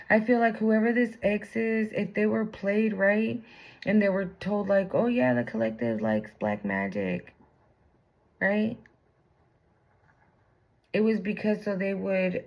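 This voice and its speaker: A woman's voice: mid-range voice, gravelly, lo-fi sound. A woman giving a casual tarot reading, blunt and profane, full of slang. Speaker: tarot reader.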